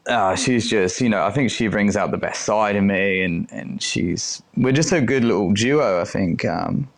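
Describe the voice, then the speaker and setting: A man's voice: on the low side, normal speed. A man in his thirties, a chef who is a guest on a podcast, talking casually, swearing easily and acting out what others said. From United Kingdom. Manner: chatty, swears casually, acts out quoted speech. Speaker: chef and restaurant owner, guest. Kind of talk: casual interview chat.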